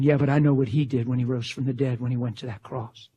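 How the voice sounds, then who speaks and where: A male preacher delivering a fervent sermon in a husky voice, swinging from exclamations down to hushed whispers. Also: mid-range voice, steady tone, fast.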